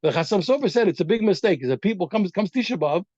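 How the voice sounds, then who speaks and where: A man teaching a daily Talmud class, animated and repeating phrases as he thinks aloud, on a dull lo-fi recording. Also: sits high, quick pace, dry recording.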